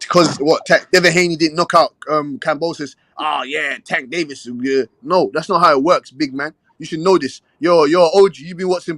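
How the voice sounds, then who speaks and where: A man's voice: on the high side, a bit bright, no echo. Heated British man debating boxing. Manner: heated, repeats phrases, British street slang. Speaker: panel debater. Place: online voice call.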